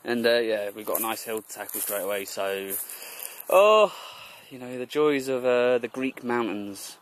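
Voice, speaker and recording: This travel vlog features a young cycle tourer talking to the camera on a mountain road, wandering off-topic and laughing along the way. His mid-range voice is fairly even and moderately paced, and the recording is rough.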